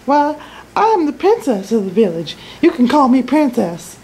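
A woman doing a sassy, high, gravelly princess. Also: very animated, moderate pace, mellow, full character voice, low-quality recording. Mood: sweet. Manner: sassy and snappy. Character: bossy, sassy young village princess. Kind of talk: improvised comedy skit.

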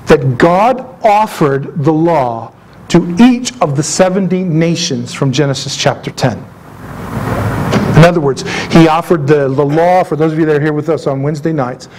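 A man preaching a sermon as pastor, emphatic and animated, with asides and jokes to his congregation. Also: on the high side, slight background noise, low-quality recording. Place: church sanctuary.

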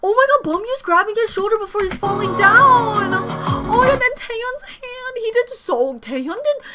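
Very high-voiced, gushing woman reacting. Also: lively intonation, moderate pace, over loud music. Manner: gushing, swears often, voice jumps sharply. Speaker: reaction video host. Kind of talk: excited fan reaction commentary.

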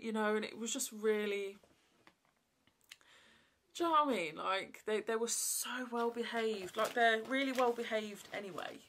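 A woman's voice: medium pitch, moderate pace, a bit bright. A woman, chatting casually to camera in a rambling way, full of fillers. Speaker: vlogger.

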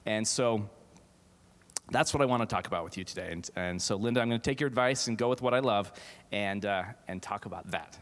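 Here a middle-aged man with a lowish voice keeps a brisk pace through a self-mocking, humorous keynote, playing a theater professor and often restarting or using fillers. Echoey reverb from the large auditorium fills the recording.

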